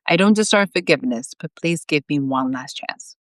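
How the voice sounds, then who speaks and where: Casual: lady doing a desperate young guy begging n bargaining, low-ish voice, bouncy. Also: lively intonation, normal speed, no room sound, clean studio sound. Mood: pleading. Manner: desperate, stubborn, pleading. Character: earnest young male soldier pleading in heaven.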